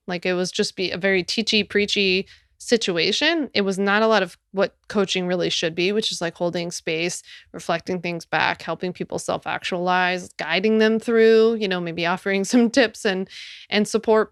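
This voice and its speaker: A woman hosts her podcast in a casual solo chat, laughing often and slipping into sarcasm. Her mid-pitched voice is smooth and clear. The sound is dry and close to the mic. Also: normal speed, no echo. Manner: chatty, laughing, sarcastic asides. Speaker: podcast host.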